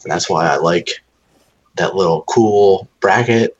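A man's voice: sits low, a little slow, muffled recording, a little hiss or hum. A young man chatting casually as a podcast co-host, telling rambling, profane stories. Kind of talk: casual chat.

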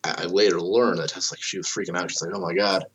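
A fast-talking young man with a low, steady, slightly rough voice tells a long story casually. He swears a lot, uses "like" as filler, and voices the dialogue of the people involved.

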